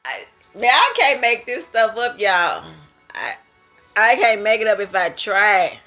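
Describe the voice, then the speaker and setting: Woman talking slow about her dreams, bright voice, laughs a lot, real emphatic and slangy, bit of music behind. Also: mid-range voice, very animated. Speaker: creator sharing prophetic dreams. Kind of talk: casual spoken monologue.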